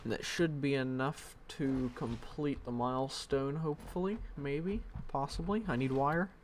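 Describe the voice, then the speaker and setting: A man's voice: medium pitch, a little slow, slight background noise. A man streaming a game live from home on a headset mic, thinking aloud in a rambling, self-deprecating way. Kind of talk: casual live-stream commentary.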